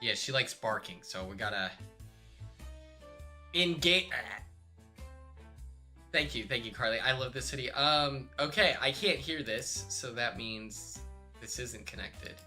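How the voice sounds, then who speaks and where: Male streamer, casual hotel-room chat, sharp bright tone, slow drawl, excitable and sweary. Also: medium pitch, faint music behind. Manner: excitable, swears, laughs often, shrieks when retelling.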